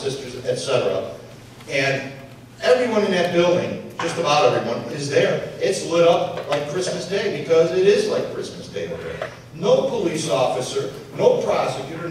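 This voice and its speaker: A middle-aged man with a Chicago accent telling a blunt, animated story to an audience at a public forum, raising his voice for emphasis. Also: a little high. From Chicago area, United States. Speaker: panel speaker, former investigator. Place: university pavilion before an audience. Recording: very echoey hall, distant mic, faint hiss.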